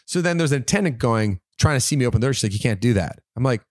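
A man's voice: medium pitch, very fast, no echo, studio quality. A young adult man from Canada, co-hosting a podcast, telling a story in casual chat, laughing and swearing as he goes. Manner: animated, laughing, swears freely. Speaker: podcast co-host.

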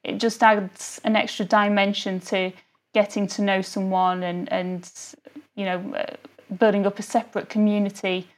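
A woman guest on a podcast speaks at a middle pitch in a friendly, chatty way. She leans on "you know" and small fillers as she explains her ideas. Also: level tone, normal speed. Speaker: interview guest, photographer. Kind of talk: casual interview conversation.

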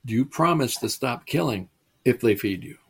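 A man voicing a kindly medieval friar who pleads softly and affectionately. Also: medium pitch, animated, moderate pace, creaky, slightly rough. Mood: gentle. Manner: soft, coaxing, affectionate pleading.

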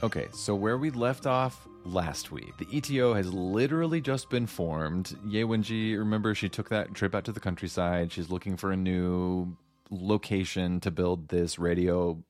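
A man's voice: low-pitched, moderate pace, darkish tone, faint music behind. A man co-hosting a podcast, casually recapping a story with chatty asides and acted-out quotes. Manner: chatty, acts out characters in quotes. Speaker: podcast co-host.

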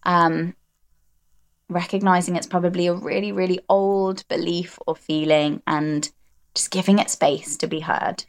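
A woman coach speaking as a podcast guest in relaxed conversation, reflective and earnest, often repeating words for emphasis. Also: fairly low pitch, unhurried.

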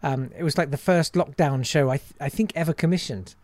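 A man's voice: fairly high pitch, fairly quick, a little mellow, no room sound. A man, a comedian and impressionist, chatting casually and self-deprecatingly in an interview.

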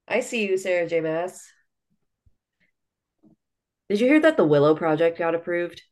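Woman, podcast co-host, casual book chat, blunt, lowish voice. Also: lively intonation, normal speed, pauses often, darkish tone. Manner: blunt, frequent "like", swears casually.

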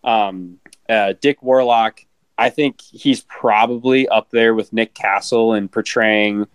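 A man's voice: fairly low pitch, steady tone, slow pace, clean tone, dry recording. A man co-hosting a podcast who chats casually about a film, stammering, repeating words and swearing freely. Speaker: podcast co-host. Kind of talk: casual film review chat.

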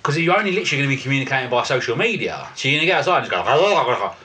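A man's voice: medium pitch, very animated, rapid-fire, sharp tone, far from the mic. A man co-hosting a podcast, telling stories in casual, sweary banter and laughing often. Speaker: podcast co-host.

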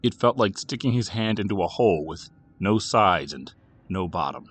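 A man narrating a scripted horror story with a dramatic, expressive reading. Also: low-pitched, normal speed, husky.

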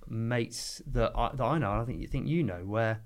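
Man, earnest, halting restarts, mid-range pitch, podcast guest. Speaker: divorce lawyer. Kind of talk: podcast conversation.

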